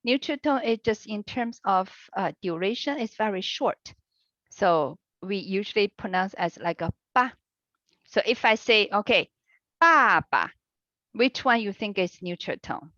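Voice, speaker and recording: A woman teaching an online language class over a video call, with a patient, encouraging manner and unhurried explanations. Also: mid-range voice, expressive, a bit bright, no echo. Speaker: online Chinese language instructor. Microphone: computer mic on a video call. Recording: lo-fi video-call audio, dry.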